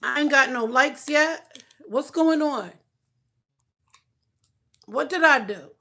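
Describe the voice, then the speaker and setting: A woman at home livestreaming and chatting casually with her viewers, loud and joking, cursing and talking back to the chat. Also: high voice, takes it slowly.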